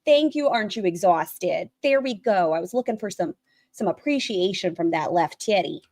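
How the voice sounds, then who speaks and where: A woman giving blunt, crude, sarcastic commentary on a livestream she is watching, breaking into high mocking voices. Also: lively intonation, normal speed, a little mellow, dry recording, clean studio sound. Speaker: commentary streamer reacting to a livestream. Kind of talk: casual reaction commentary.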